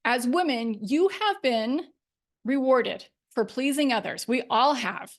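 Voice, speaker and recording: A woman's voice: fairly high pitch, lively intonation, slow. A middle-aged woman, a life coach, talking solo on her podcast in an upbeat, emphatic way with frequent laughs.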